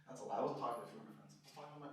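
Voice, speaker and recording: A man's voice: mid-range voice, racing. Self-deprecating young male stand-up, echoey room. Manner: self-deprecating, rambling, lots of "you know". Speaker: stand-up comedian. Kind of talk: stand-up comedy set. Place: live comedy venue with audience. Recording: very echoey, distant, noisy live room.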